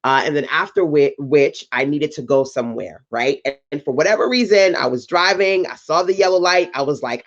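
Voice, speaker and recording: A woman's voice: low voice, normal speed, highs cut off. A woman hosting a livestream, giving chatty motivational talk to entrepreneurs, laughing and asking her audience questions. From North Carolina. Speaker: host of a business livestream.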